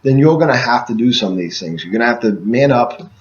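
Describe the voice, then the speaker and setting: A man's voice: mid-range voice, animated, fast, dull audio. A man giving a casual sales training talk to door-to-door canvassers. He speaks emphatically and keeps checking in with "okay?" after each point.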